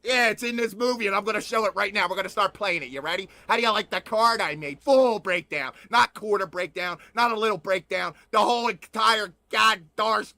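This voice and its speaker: Male livestream host, high and gravelly, laughing and dramatic, repetitive. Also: fairly quick, hardly any pauses, sharp tone, no echo. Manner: laughs a lot, drawls and repeats himself, dramatic. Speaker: host of an online news channel. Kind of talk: excited livestream monologue.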